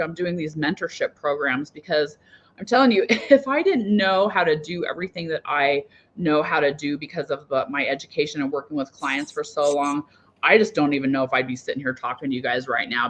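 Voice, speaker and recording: A woman guest healer talking casually about emotions in an animated way, laughing between points and swinging between soft and loud. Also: low voice. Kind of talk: casual spiritual talk. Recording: dull lo-fi sound.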